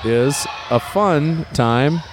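A man co-hosting and calling a basketball game courtside in a warm gym, teasing and mock-serious, speaking into a portable recorder. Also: a little high, animated, drawn-out words, heavy background noise. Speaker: co-host and courtside announcer. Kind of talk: joking play-by-play commentary.

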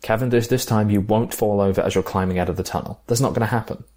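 A man's voice: on the low side, steady tone, quick pace, warm tone. A man chatting casually about a favourite film, enthusiastic and reflective. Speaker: film podcast co-host.

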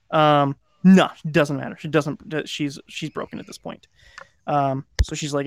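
Brief: male podcast co-host, slightly high voice, rambling casual retelling full of fillers, dry studio sound. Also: fairly even intonation, moderate pace, no echo. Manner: rambling, lots of "like" and restarts, acts out quoted lines. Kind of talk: casual chat, retelling a film plot.

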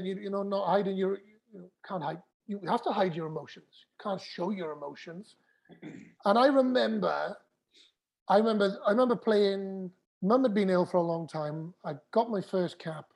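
A man's voice: sits high, a little mellow. A man in his forties, a former rugby player and guest, telling his story frankly and with feeling, swearing and restarting often. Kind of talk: candid storytelling in a podcast chat.

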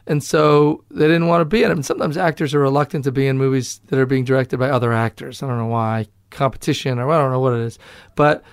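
A man's voice: medium pitch, fairly even intonation, quick pace, smooth, no room sound, clean studio sound. A man with a Boston accent, an actor guest talking candidly and loosely in a casual interview, swearing and laughing easily.

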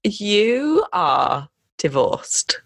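A woman hosting a podcast, chatting casually with a giggly, animated manner. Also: medium pitch, very slow, creaky. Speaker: podcast host. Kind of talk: casual chat.

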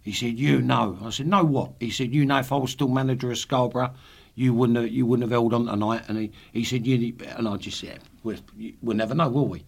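A man's voice: medium pitch, fairly even intonation, fairly quick, creaky. A man in his sixties, a podcast guest, telling swearing football anecdotes with laughs. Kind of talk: casual storytelling.

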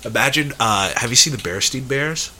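A young man co-hosting a podcast in casual chat, animated and jokey. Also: medium pitch, fairly quick, a little hiss or hum. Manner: animated, jokey, bursts into loud put-on voices. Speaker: podcast co-host.

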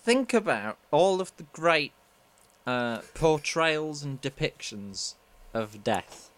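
A man's voice: a little high, sing-song, slow pace. A man co-hosting a podcast, teasing and bluntly critical in casual chat.

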